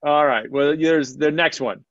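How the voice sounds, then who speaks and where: Brief: male gallery presenter, mid pitch, chatty and halting, dry slightly dull recording. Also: no echo. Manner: chatty, halting restarts, laughs often. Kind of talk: casual panel chat. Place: convention panel stage.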